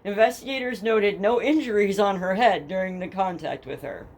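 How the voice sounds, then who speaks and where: Young woman with a Jersey accent as a casual true crime host, blunt, sarcastic, swears freely, medium pitch. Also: normal speed, a little mellow. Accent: New Jersey. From New Jersey. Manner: blunt, profane and sarcastic, reads case documents then mocks them. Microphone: headphones with a home mic.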